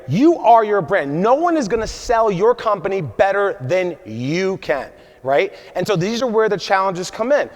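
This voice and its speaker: A man in his forties giving an emphatic motivational keynote at a conference, often checking in with the audience with "right?". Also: high voice. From USA. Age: 40s. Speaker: conference speaker. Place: large conference hall. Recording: long hall reverb.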